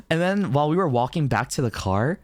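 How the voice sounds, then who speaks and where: A young man streaming, telling a story in casual chat, animated, laughing often and swearing casually. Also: a little high, no echo.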